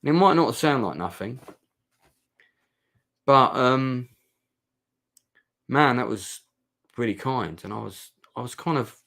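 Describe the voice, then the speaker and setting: A man's voice: mid-range voice, expressive, slow pace, creaky, long pauses, a bit bright. A man, casually telling a heartfelt, rambling story as he reviews a night out. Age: 50s. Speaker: vlogger reviewing a club night.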